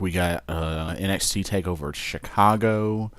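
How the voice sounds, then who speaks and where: A man's voice: deep voice, unhurried, a bit bright, clear, resonant tone. A man hosting a wrestling podcast in casual, playful banter. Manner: playful, laid-back banter. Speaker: podcast host.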